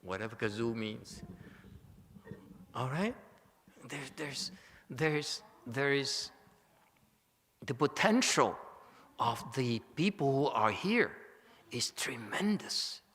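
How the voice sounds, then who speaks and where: Man, Buddhist monk lecturing, slow and bright-toned, excitable and joking, echoing hall. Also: mid-range voice. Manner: emotional, excitable, joking, with many restarts. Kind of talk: Dharma lecture. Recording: long hall reverb.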